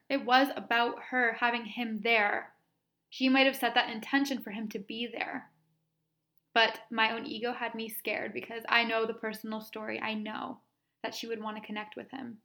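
A woman hosting a podcast, tearful and sniffling as she earnestly tells a story, laughing softly between phrases. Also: fairly high pitch, creaky. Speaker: podcast host and Reiki practitioner. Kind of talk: casual solo podcast storytelling.

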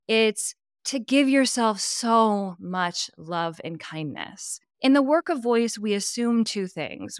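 A woman from California, a voice coach talking in a podcast interview, expressive and emphatic, often adding "right?" asides. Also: fairly high pitch, no room sound, clean studio sound.

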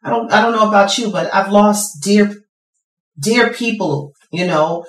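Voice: mid-range voice, unhurried, fairly bright tone. Preacher going hard in a sermon, lots of repeating for emphasis, sounds far away in an echoey room. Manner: emphatic, repeats phrases for stress. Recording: roomy echo, distant mic.

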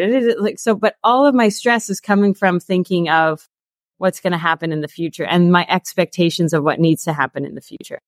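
A woman's voice: medium pitch, a little fast, no echo. Chatty woman guest, dry close sound. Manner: chatty, peppered with "like" and laughs. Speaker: guest, author and coach. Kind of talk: casual interview chat.

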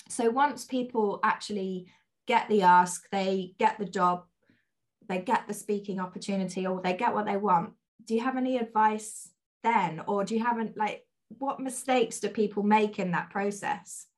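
A woman's voice: medium pitch, measured pace. A woman hosting an interview podcast, affirming her guest and asking follow-up questions with enthusiasm. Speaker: podcast host. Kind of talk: conversational interview.

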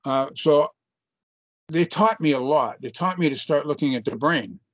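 A man's voice: on the high side, normal speed, no echo. An older man, a chiropractor, telling a story in an interview in an earnest, reflective way, often restarting his sentences. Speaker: chiropractor guest.

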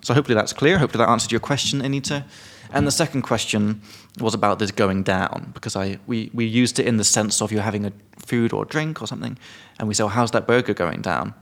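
Male co-host, lower voice, casual teacher explaining slang with examples. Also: fast, few pauses, fairly bright tone. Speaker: podcast co-host, English teacher. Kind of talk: casual chat.

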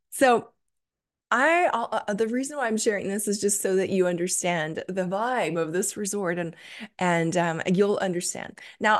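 A young adult woman hosting a solo podcast, telling a story with gushing enthusiasm and many fillers. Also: medium pitch. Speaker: podcast host.

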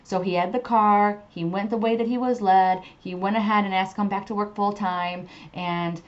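A woman's voice: mid-range voice, fairly even intonation, normal speed, lo-fi sound. A woman hosting a tarot podcast, giving casual spiritual advice in a chatty way full of "you know". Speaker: podcast host and tarot reader.

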